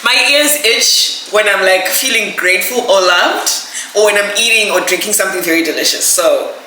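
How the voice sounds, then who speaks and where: Opening presents for her casual vlog, a young woman gushes, gets emotional and laughs a lot, speaking at normal speed in a mid-range voice with a sharp tone. Background noise and an echoey room are audible in the recording.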